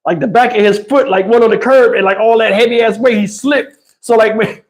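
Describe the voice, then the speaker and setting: Male livestream host, high-pitched, animated storyteller, swears freely. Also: fairly quick. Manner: animated, profane, laughs mid-story. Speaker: channel host.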